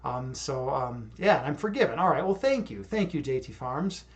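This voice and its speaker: A man's voice: medium pitch, big pitch swings, normal speed. A young man hosting a livestream, chatting casually and reading viewer comments, rambling and repeating words, hyped up after a yoga session. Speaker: livestream host.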